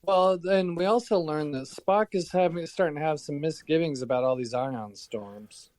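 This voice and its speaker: A man co-hosting a podcast, recapping a story in a relaxed, joking way. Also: on the high side, normal speed, no room sound, low-quality recording. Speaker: podcast co-host. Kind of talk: casual book discussion.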